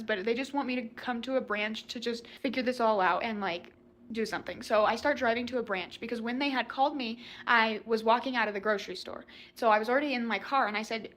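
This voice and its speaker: Near crying, a young woman posts a confessional video sharing her story, rambling anxiously and blaming herself. She is a young adult with a fairly high, slightly bright voice.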